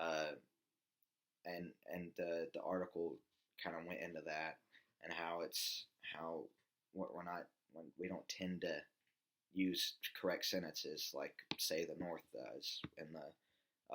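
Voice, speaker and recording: A nineteen-year-old man from the American South with a Southern accent, giving an informal class speech in a halting way with many restarts. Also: sits low, fairly even intonation, a bit bright. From Southern United States.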